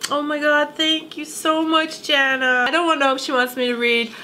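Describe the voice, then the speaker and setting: A woman's voice: high-pitched, steady tone, moderate pace, sharp tone, slight background noise. A young woman gushing through an emotional unboxing vlog, gasping and close to tears. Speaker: beauty vlogger.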